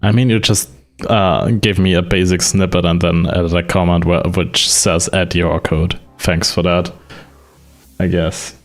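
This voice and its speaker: A man's voice: low-pitched, flat delivery, measured pace. A man chatting casually as a developer, wry and hesitant, with many fillers. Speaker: streamer and developer. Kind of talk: casual chat.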